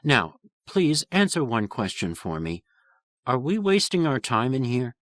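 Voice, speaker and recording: A man voicing an earnest, scholarly priest who speaks in a measured, formal way. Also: mid-range voice, sing-song, fairly bright tone, dry recording, studio quality.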